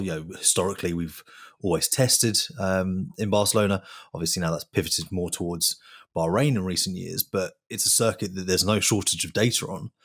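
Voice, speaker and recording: A male journalist on a podcast, chatting casually and analysing in detail, with fillers like "you know". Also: sits low. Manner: analytical, with fillers like 'you know'.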